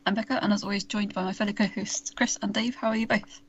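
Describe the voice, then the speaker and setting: A woman's voice: mid-range voice, fairly even intonation, fast talker, dull audio, a little hiss or hum. Chatty woman hosting a film podcast. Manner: chatty, giggly, lists cast with many ums. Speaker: podcast host. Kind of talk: casual film review podcast.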